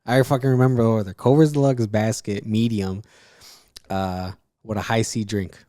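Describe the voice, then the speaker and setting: A man co-hosting a podcast in casual chat, his voice dark and mellow. He talks loosely, swears often and fills his talk with "like". He is recorded on a dry, close mic with no room sound. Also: on the low side, fairly even intonation, moderate pace, no room sound. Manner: loose and profane, with frequent fillers and restarts. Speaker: podcast co-host.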